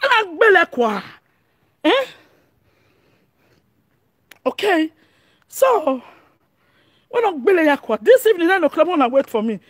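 Excitable high-voiced Nigerian woman. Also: unhurried, pauses often, no room sound, clean studio sound. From Edo, Nigeria. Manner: excitable, often shouting and laughing. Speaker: online commentator. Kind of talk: animated monologue.

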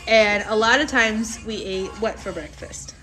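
A woman's voice: mid-range voice, a little slow. A woman hosting a casual home livestream with her young child, chatty and playful, laughing often. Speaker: livestream host and mother. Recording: livestream with music playing behind. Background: music playing.

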